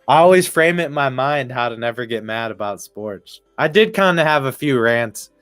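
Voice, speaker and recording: Rambling through casual live baseball commentary, this sports streamer swears a lot and laughs mid-sentence. He speaks on the higher side with a fairly bright tone, and there's no echo.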